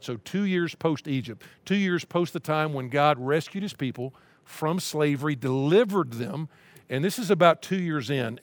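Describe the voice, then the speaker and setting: Male pastor, sermon, emphatic and conversational, repeats key phrases, slightly higher voice, dry sound. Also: no room sound.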